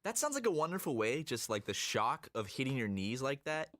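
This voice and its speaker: A man telling animated stories in a casual chat while gaming. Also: brisk, no echo. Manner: animated storyteller, lively swings in pitch. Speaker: co-host.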